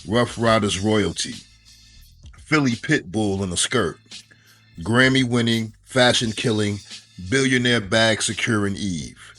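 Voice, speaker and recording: Male commentator with a lowish voice and a sarcastic roast style, faint music underneath. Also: slow, fairly bright tone. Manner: mocking, punchline-heavy roast delivery.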